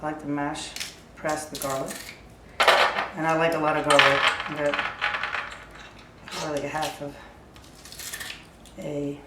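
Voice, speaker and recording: A woman with a lowish voice chats her way through a recipe, thinking out loud as she chops and stirs. She stands back from the mic in a roomy, echoey kitchen, with loud clatter of pots, utensils and drawers around her. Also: level tone, measured pace, pauses often, far from the mic, very noisy. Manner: chatty, thinking aloud as she works. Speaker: home cook. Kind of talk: casual cooking demonstration. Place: home kitchen. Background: clattering dishes, utensils and drawers.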